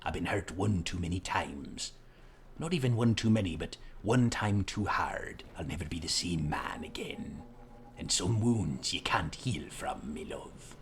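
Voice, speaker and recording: A man voicing a gruff, boozy male pirate who talks in salty sea-dog slang over a video game. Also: low-pitched, animated, a little slow, a little hiss or hum, voice pushed down. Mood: brooding.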